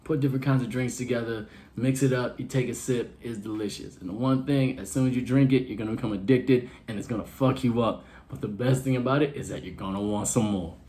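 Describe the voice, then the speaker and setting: A man's voice: medium pitch, steady tone, quick pace, hardly any pauses, dark tone. A man doing a brash, slangy stand-up comedy set for an online show.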